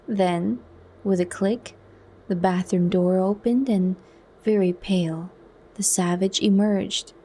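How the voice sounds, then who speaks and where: Soft slow lady reading a book, mellow asmr vibe. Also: medium pitch, steady tone, husky. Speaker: book reader.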